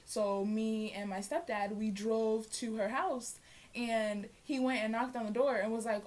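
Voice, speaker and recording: A young woman vlogger tells a storytime tale, casual and animated, acting out the voices of the people in it. Her voice sits on the high side and she speaks at a normal pace.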